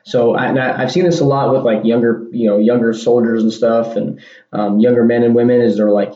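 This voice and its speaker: A man's voice: mid-range voice, flat delivery, a little fast, warm tone. A man hosting a casual solo podcast, talking in a rambling way and often repeating and restarting his words. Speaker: podcast host. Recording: dull lo-fi sound in an echoey room.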